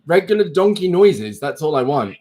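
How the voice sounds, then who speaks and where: A man's voice: on the high side, big pitch swings, normal speed, a little mellow. A man from the UK hosting a live stream from his desk at home, chatting casually and rambling with self-mocking asides into his phone. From United Kingdom.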